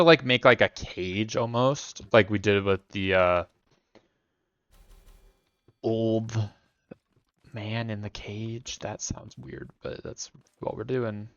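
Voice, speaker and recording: A man's voice: on the low side, slow pace, long pauses, fairly bright tone, clear, resonant tone, no echo, dull audio. A young man streaming a building game, rambling through casual commentary with jokey self-mocking asides.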